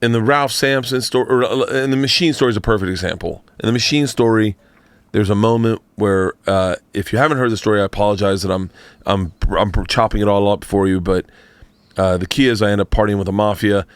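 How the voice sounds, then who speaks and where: A comedian telling stories in a casual interview, animated and acting out quotes with many restarts. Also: male voice, lowish voice, fairly quick, smooth, no room sound. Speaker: comedian guest.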